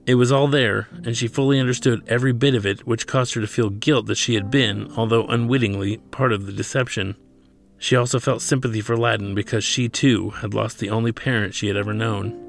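A man, the author, reading his own novel aloud in a steady, measured way. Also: medium pitch, vocal fry, faint music behind.

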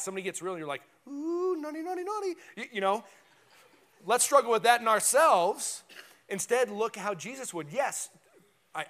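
A man's voice: high-pitched, fairly bright tone. A man preaching a conversational, emphatic sermon in a church, often checking in with "right?". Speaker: pastor. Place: church sanctuary.

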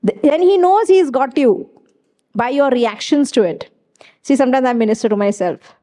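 A woman's voice: high voice, lively intonation, normal speed, mellow. Emphatic woman preaching a sermon. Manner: emphatic, repeats key phrases; tells personal stories.

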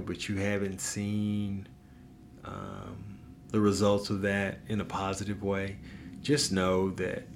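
A man teaching a Bible passage as a pastor, earnest and encouraging, often pausing with ums and restarting his sentences. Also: on the low side, gravelly, a little mellow, slight background noise.

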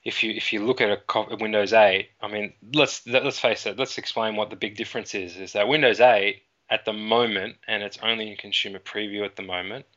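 A man with a low voice and a bright, forceful edge talks through technology as a guest, rambling and hedging as he explains. The recording is dull and lo-fi. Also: fairly even intonation, a little fast, hardly any pauses. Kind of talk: casual tech chat.

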